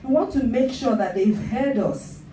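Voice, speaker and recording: A woman's voice: on the high side, measured pace, dark tone, slight background noise. A woman pastor preaching a sermon, stressing her points by repeating them. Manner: emphatic, repeats phrases for emphasis. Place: church hall. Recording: echoey hall, picked up from a distance.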